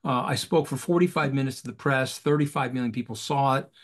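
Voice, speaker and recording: A man talking as a guest in an animated interview over a video call, emphatic and rhetorical, repeating phrases for effect. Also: medium pitch, fairly quick.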